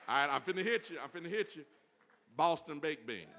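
A man's voice: a little high, sing-song, brisk, bright, forceful tone, big-room sound, a faint crowd, slight background noise. A man preaching at a church service, bantering with the congregation and repeating his phrases in an informal sermon. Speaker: pastor.

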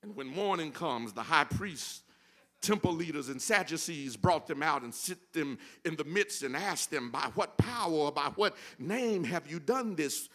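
A male pastor preaching a sermon in a church, building from quiet talk to rhythmic, shouted refrains. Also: a little high, lively intonation, measured pace. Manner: rhythmic call-and-response preaching, rising to shouts. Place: church sanctuary.

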